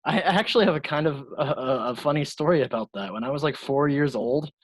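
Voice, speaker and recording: A young man co-hosts a casual podcast, talking with a slightly husky, breathy voice. He laughs often and swears freely as he tells stories. The sound is dry and close, with no room around it. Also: a little high, expressive, fast talker, dry recording, low-quality recording. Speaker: podcast co-host. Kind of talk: casual chat.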